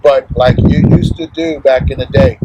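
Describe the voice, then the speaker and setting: A man in casual chat about softball bats, an animated storyteller who swears often and acts out quotes. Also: medium pitch, moderate pace. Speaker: host. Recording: muffled outdoor recording, loud wind noise.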